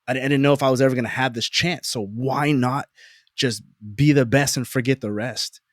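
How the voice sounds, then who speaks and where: A man in a relaxed podcast chat tells a story with lively, emphatic repeats and jokes at his own expense. His voice sits at an ordinary middle pitch for a man. The recording is dry and close, with no room echo. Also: normal speed. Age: adult parent. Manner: animated, emphatic repetition; self-deprecating humor. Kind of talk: casual conversational storytelling.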